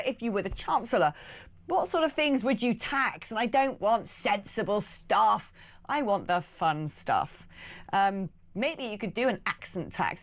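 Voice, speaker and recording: Lively chatty British radio host woman. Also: a little high. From United Kingdom. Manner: chatty, animated, with many fillers. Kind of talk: chatty radio phone-in hosting. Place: radio studio. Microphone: studio microphone.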